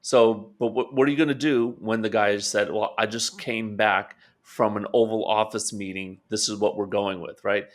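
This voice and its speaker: A man's voice: fairly low pitch, steady tone, moderate pace, few pauses. A man co-hosting a political talk show, casual and conversational, checking in with "right?". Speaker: podcast co-host. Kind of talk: political commentary chat.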